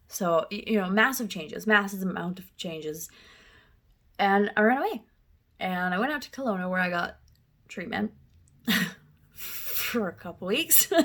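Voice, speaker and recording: A woman in her thirties telling a personal story, candid and emotional, often laughing through the hard parts. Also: medium pitch. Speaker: speaker sharing personal story.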